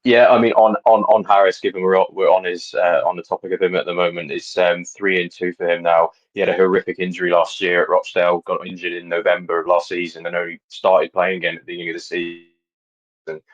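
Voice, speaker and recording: A man co-hosting a football podcast who speaks in a measured, fact-focused way with hesitant fillers, on dull lo-fi audio. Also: low voice, level tone. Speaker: podcast co-host. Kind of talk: casual football podcast chat.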